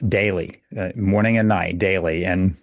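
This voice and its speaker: Low-voiced man, measured guest. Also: steady tone, dry recording. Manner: measured, explanatory. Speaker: book coach guest. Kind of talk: podcast interview.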